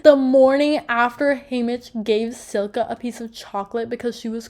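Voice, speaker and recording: A young woman talking casually about a book she read, animated and full of filler words. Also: high voice, moderate pace, few pauses. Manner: animated, gushing, many filler "like"s. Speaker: book reviewer. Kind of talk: casual book review chat.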